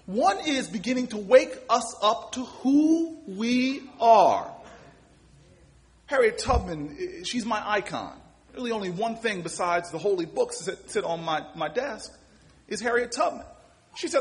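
A man's voice: sits high, sing-song, unhurried. A man giving an impassioned motivational speech, telling stories and repeating words as he builds. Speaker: public speaker.

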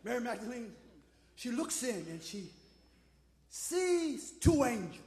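A man a sermon, shouting and half-singing his lines in a whooping cadence, heard in a church sanctuary. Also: extremely high pitch, big pitch swings, slow pace. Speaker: preacher. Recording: echoey church hall, roomy long reverb.

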